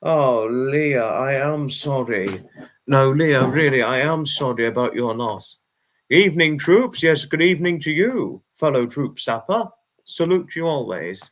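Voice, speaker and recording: A man's voice: mid-range voice, lively intonation, unhurried. A man hosting a casual livestream, reading out comments and thanking viewers, rambling and apologetic, flaring into angry rants. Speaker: livestream host.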